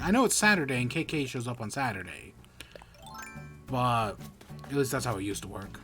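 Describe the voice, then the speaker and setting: A man's voice: mid-range voice, lively intonation, moderate pace, long pauses, fairly bright tone, faint music behind. A man streaming a video game, chatting casually in rambling, self-correcting bursts. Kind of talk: casual gameplay commentary.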